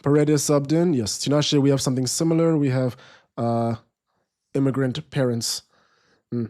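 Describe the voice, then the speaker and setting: A young man hosts a live football watchalong in an easygoing, conversational way. He reads viewer comments aloud and often restarts his sentences as he thinks. His voice sits at an ordinary middle pitch. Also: moderate pace. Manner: relaxed, rambling, restarts sentences. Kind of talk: casual live match commentary, reading chat.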